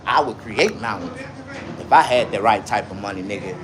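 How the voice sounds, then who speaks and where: Man, AAVE, livestream rant, lively swooping pitch, noise behind. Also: moderate pace. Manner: loud animated ranting with profanity, then calmer asides. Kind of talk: ranting live commentary.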